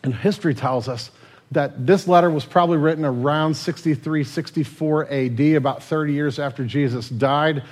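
A male pastor delivering a sermon in a relaxed, conversational style. His voice sits slightly higher than most men's, and he moves between energetic, loud retelling and quiet, tender moments. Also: normal speed. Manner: casual storytelling, swings from loud and lively to hushed and tender.

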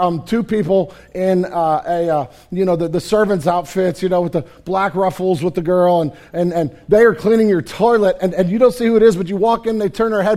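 A male pastor preaches a sermon in a high-pitched, warm, and relaxed voice. Speaking casually and conversationally, he retells the story vividly for his church.

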